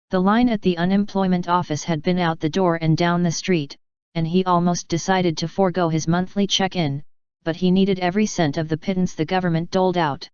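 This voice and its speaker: A woman narrating a fan story in a steady audiobook reading. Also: lowish voice, clean tone, no echo, highs cut off. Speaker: fanfiction reader.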